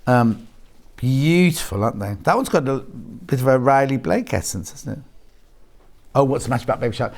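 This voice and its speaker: A man hosting a live shopping channel, chatty and jokey and quick to laugh. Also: mid-range voice, very animated.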